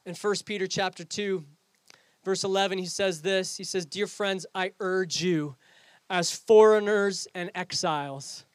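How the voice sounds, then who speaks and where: A man's voice: high-pitched, steady tone, unhurried, no room sound. A man preaching a sermon as pastor, earnest and rhetorical, speaking straight to his congregation and reading scripture aloud. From Canada.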